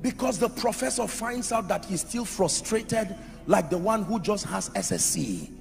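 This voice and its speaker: A man's voice: high-pitched, lively intonation, unhurried, vocal fry. A man preaching a sermon in an emphatic style, asking the crowd rhetorical questions. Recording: echoey hall with music under.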